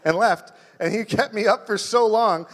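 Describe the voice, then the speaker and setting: A man from Canada doing a rambling, self-deprecating stand-up set, halting and restarting, on a live comedy stage. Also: high voice, a bit bright, in a large hall.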